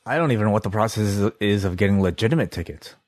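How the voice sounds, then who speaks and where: A man's voice: lowish voice, very fast, darkish tone, dry recording. A man co-hosting a casual podcast, asking wry, teasing questions. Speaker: podcast co-host.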